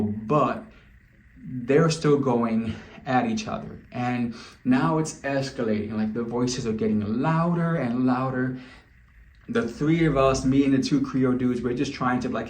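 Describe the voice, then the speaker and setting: A man's voice: mid-range voice, unhurried, darkish tone. A man vlogging, telling a candid story to camera in a loose, chatty way. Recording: roomy echo.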